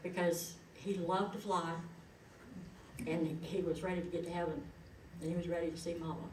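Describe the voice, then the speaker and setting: A woman's voice: on the low side, fairly even intonation, normal speed, a little mellow, slight background noise. A middle-aged woman, giving a eulogy in a chatty, folksy storytelling way. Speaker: eulogist, daughter of the deceased. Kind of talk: eulogy told as personal stories. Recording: echoey hall, voice from far off.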